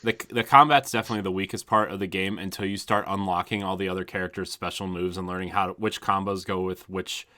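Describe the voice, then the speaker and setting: Bright-voiced male podcast co-host. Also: sits low, steady tone, fast, hardly any pauses. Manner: enthusiastic, filler-heavy rambling. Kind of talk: casual chat.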